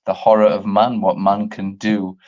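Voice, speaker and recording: A man's voice: fairly low pitch, level tone, moderate pace, darkish tone, dull audio. A man co-hosting a casual chat show, talking with passion, rambling and swearing freely. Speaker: podcast co-host.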